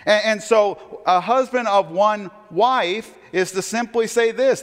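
A man's voice: high voice, slow pace, few pauses, fairly bright tone. Man preaching a chatty sermon, hall reverb. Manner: conversational, asks the audience rhetorical questions. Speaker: pastor. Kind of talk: expository sermon.

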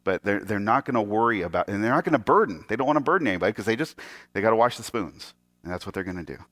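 A man preaching a sermon as a pastor, telling an animated story, acting out the voices of the people in it and often restarting his sentences. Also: on the low side, very fast. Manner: animated storyteller who acts out quoted voices; frequent stammered restarts.

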